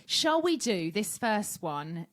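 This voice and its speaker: Teasing woman co-host, lively voice. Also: medium pitch, slow. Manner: bossy, teasing, swears freely. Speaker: podcast co-host. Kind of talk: casual chat.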